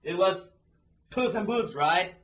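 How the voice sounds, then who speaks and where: A man reviewing a movie in a comedic, exasperated, animated way. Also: sits high, takes it slowly, far from the mic. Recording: roomy echo.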